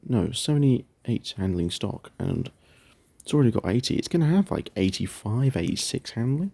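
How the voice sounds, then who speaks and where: A man's voice: on the low side, gravelly, mellow, husky. A young man, chatting casually through his game garage, rambling and correcting himself. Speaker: gaming video creator.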